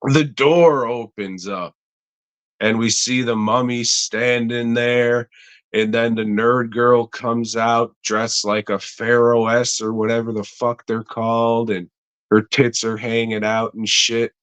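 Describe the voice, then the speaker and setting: A man's voice: medium pitch, flat delivery, slow, a bit bright, smooth. A man co-hosting a podcast, casually retelling a movie plot in a rambling, profane way with frequent laughs. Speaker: podcast co-host.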